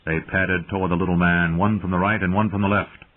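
A man narrating a fantasy audiobook in a measured storytelling manner. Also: sits low, little pitch movement. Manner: measured storytelling, shifts into character voices. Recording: tinny lo-fi phone-like sound.

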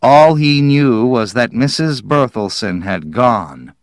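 A man narrates an audiobook story slowly and deliberately, giving each phrase a measured, animated sense of drama. His voice is at an ordinary middle pitch and sounds close and dry, with no room sound at all.

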